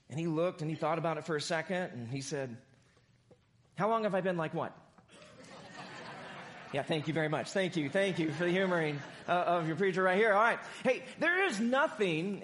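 A male pastor delivers a lively sermon to his congregation. His voice sits high for a man. He mixes jokes into the preaching and keeps calling for amens. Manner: animated, joking preacher with congregation call-and-response. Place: church sanctuary.

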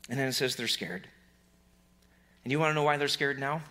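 A man's voice: medium pitch, fairly quick, pauses often, pushed and bright. A man preaching a sermon to his congregation in a church, conversational and emphatic, repeating key lines. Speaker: pastor.

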